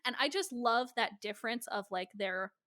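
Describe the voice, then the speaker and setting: A woman's voice: on the high side, normal speed, a bit bright, no echo, studio quality. A young woman co-hosting a podcast, chatting casually and profanely about a TV show and laughing often. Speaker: podcast co-host. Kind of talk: casual recap chat.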